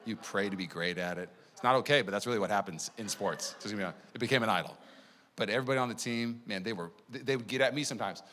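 A man preaching a sermon as pastor, conversational and energetic, telling stories to the congregation. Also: fairly low pitch, rapid-fire. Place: church sanctuary. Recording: long church hall reverb.

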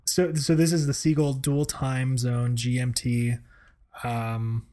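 A man's voice: mid-range voice, little pitch movement, slow, warm tone. A man hosting a casual chat, rambling with many hesitations and laughing often. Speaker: podcast host.

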